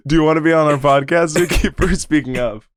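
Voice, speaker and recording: A man's voice: fairly high pitch, a little fast, a little hiss or hum. A man playing a tabletop game with friends, teasing and laughing often in rambling casual talk. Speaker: player.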